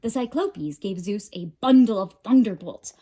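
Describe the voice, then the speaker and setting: A woman librarian reading a picture book aloud with expressive, dramatic narration. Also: medium pitch, normal speed. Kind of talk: storybook read-aloud.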